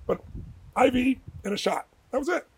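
A man being interviewed as a guest author, telling animated, emphatic stories in a quick, energetic manner. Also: extremely high pitch, husky, rough recording.

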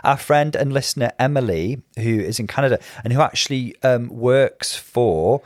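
A man co-hosting a podcast in casual chat, teasing and chatty, quick to laugh. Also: medium pitch, a little mellow, dry recording, studio quality. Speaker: podcast co-host.

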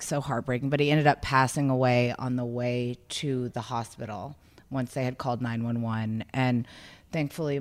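Woman, thirties, low voice, casual storytelling, chatty, restarts a lot. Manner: chatty, many restarts, acts out quoted voices. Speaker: podcast guest.

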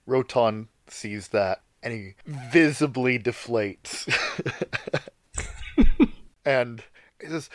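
A man playing a tabletop game, casually thinking out loud about his character's moves. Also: medium pitch, very slow, pauses often, no echo. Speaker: player.

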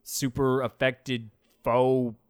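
A man in casual film-review chat who talks in an animated way, swears freely and laughs often. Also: mid-range voice, slow, dry recording, studio quality.

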